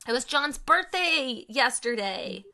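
A woman's voice: high voice, animated, slow, creaky, sharp tone. A woman in her thirties chatting casually as a podcast co-host, enthusiastic and full of fillers. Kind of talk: casual chat.

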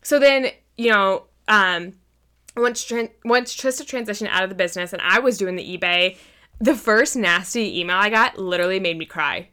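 A woman's voice: mid-range voice, moderate pace, pushed and bright, clear, resonant tone. A woman chatting casually as a podcast co-host, swearing freely and acting out quotes as she tells stories. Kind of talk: casual chat.

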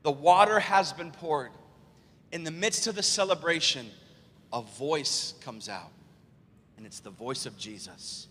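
A male pastor delivers a live sermon in a bright, slightly husky, high-set voice that leaps around in pitch. He asks the congregation rhetorical questions and swings from hushed low lines to loud exclaimed peaks. The church hall leaves a long reverb on his words. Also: animated, measured pace. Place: large church sanctuary.

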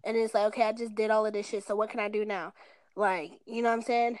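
A woman's voice: mid-range voice, steady tone, quick pace, smooth, no room sound. A woman in her twenties talking on a phone call in a rambling, casual way, swearing often and filling with "like". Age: 20s.

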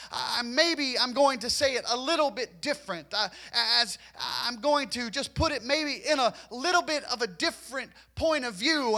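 A man's voice: very high voice, sharp tone. A man preaching a sermon to his congregation in a church. He urges them on, repeats himself and stammers over restarts. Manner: repetitive, urging, stammers on restarts.

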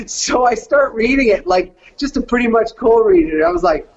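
A man's voice: extremely high pitch, lively intonation, normal speed, few pauses, dull audio. A middle-aged man from Canada, a voice actor casually telling a story and slipping into surfer-dude voices.

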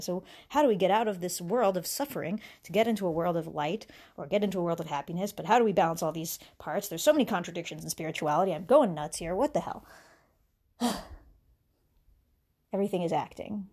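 A woman's voice: on the low side, fairly quick, dark tone, husky. A woman hosting a podcast, musing aloud about spirituality in a rambling, casual way, often laughing between thoughts and restarting her sentences. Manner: rambling, wandering with many restarts and fillers. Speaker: podcast host.

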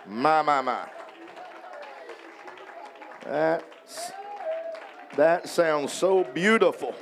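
A man's slightly high, animated, creaky voice rises over crowd noise and a noisy background in a revival hall. He's a Louisiana evangelist whose sermon draws call-and-response; he reads scripture slowly and prays with mounting intensity.

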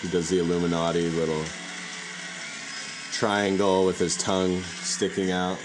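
A podcast co-host with a low-pitched voice talks at a measured pace over some background noise. He rambles and swears casually in an animated retelling during their chat.

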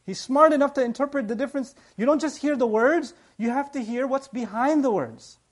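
A man's voice: extremely high pitch, fairly quick. A man giving a nightly sermon, telling the story with animation, acting out the dialogue and explaining what words mean. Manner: explains word meanings in detail. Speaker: preacher.

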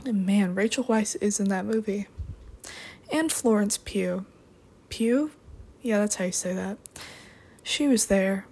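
A woman's voice: mid-range voice, measured pace, a little mellow, breathy edge. A young woman hosting a podcast, chatting in a rambling, playful way with sarcastic asides. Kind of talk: rambling comedic chat.

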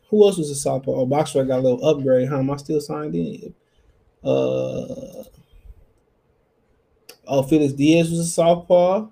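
Gravelly, dark-voiced man chatting boxing. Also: on the high side. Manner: loose, slangy, thinks aloud. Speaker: podcast host. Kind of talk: casual solo boxing talk.

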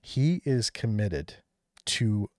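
A man's voice: lowish voice, very animated, very slow, a little mellow, dry recording, clean studio sound. A man hosting a casual political podcast, chatting loosely and laughing as he reads through a list. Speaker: podcast host.

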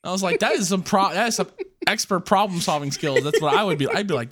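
A man's voice: sits high, quick pace, a bit bright. A young man co-hosting a podcast in a casual chat, laughing often and stammering through his sentences. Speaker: podcast co-host.

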